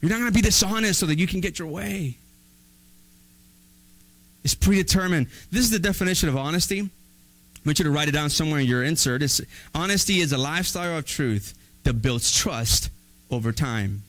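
Guy preaching, pretty high voice, animated and chatty, jokes around with the crowd. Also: brisk, poor audio. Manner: animated, conversational preaching with playful asides. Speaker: pastor. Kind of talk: sermon.

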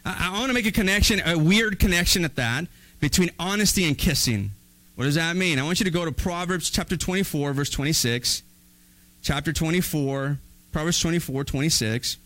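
A male pastor preaching a sermon in an animated, conversational way with playful asides. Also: on the high side, fairly quick, low-quality recording.

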